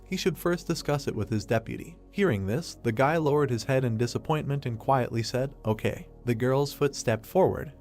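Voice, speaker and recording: A man narrating a story recap in a steady third-person storytelling manner. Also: mid-range voice.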